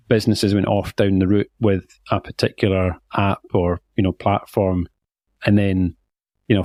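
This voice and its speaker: A man's voice: on the low side, a little mellow, no room sound. A man hosting a podcast, talking things through casually with lots of fillers. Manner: conversational, thinks aloud with many fillers. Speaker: podcast host.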